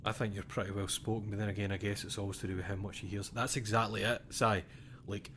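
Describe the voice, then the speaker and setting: A young Scottish man streaming a game, rambling between stories in a relaxed way and swearing without a second thought. His voice sits a little low. A clear, constant background noise runs under the whole recording. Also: fast. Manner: chatty, rambling, swears freely. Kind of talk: casual commentary while gaming.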